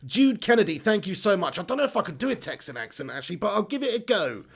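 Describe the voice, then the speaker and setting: A man's voice: high-pitched, big pitch swings, fast talker, breathy edge. A man hosting a football live stream, reading out chat comments in an upbeat, chatty way and laughing at himself.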